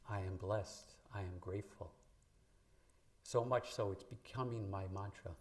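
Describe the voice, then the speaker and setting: A man's voice: fairly low pitch, darkish tone. A man preaching a sermon in a church, talking conversationally to the congregation and lifting his voice when he quotes scripture. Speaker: minister. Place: church sanctuary.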